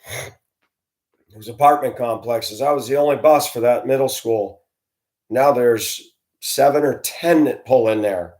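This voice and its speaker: A middle-aged man recounting his years as a school bus driver in an easygoing, conversational monologue. His voice sits at an ordinary male pitch, and he talks straight to his listeners as he tells the story. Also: a little slow, pauses often, darkish tone. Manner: conversational, addresses listeners directly, acts out dialogue in his telling.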